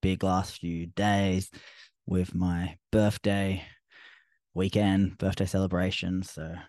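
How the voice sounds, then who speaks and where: A man's voice: low voice, darkish tone, no echo. An Australian man, a fitness coach hosting his own podcast, talking casually and rambling a little, with frequent ums and restarts. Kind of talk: casual solo podcast talk.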